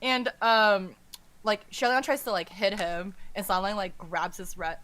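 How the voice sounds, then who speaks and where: A woman podcast host casually retelling a story's plot in a rambling, animated way, saying "like" all the time. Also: mid-range voice, a little slow, a little hiss or hum. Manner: rambling and animated, says "like" constantly.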